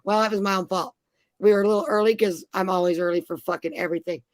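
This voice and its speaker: A woman's voice: medium pitch, fairly even intonation, quick pace, dry recording. A middle-aged woman, a mother, telling rambling, profane travel stories in casual chat.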